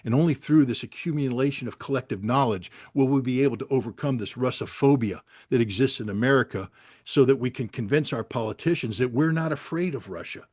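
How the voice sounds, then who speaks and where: A man's voice: medium pitch, a little fast, dry recording. Angry, blunt man with dry sound. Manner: angry, blunt and profane, rising to near-shouting. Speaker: guest speaker on a video call. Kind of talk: impassioned speech.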